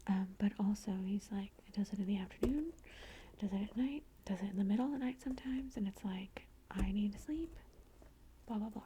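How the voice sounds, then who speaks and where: A woman's voice: medium pitch, a little fast, mellow, slight background noise. A woman whispering a chatty ASMR ramble close to the microphone, full of "like" and "blah blah" asides. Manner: chatty storytelling, lots of "like" and "blah blah". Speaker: ASMR creator.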